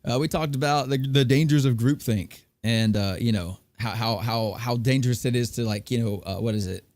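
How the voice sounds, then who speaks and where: A man's voice: medium pitch, moderate pace, a little mellow, no echo. A man hosting a casual podcast chat, rambling with lots of fillers and restarts. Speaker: podcast host.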